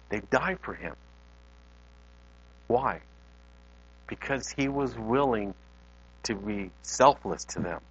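A male pastor giving a conversational sermon in a church, talking directly to his congregation, in a dull lo-fi recording. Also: medium pitch.

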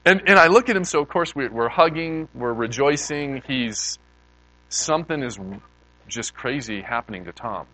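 A middle-aged man preaching, telling an emotional testimony story with heartfelt repeated words that build in excitement. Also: medium pitch, normal speed, poor audio.

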